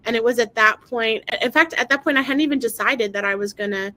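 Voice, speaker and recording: Woman telling her story in an interview, bit high voice, lots of um and you know, keeps restarting. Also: sharp tone, rough recording. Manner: halting, with many fillers and restarts. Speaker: guest sharing her story. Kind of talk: emotional personal testimony. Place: lives in Maryland.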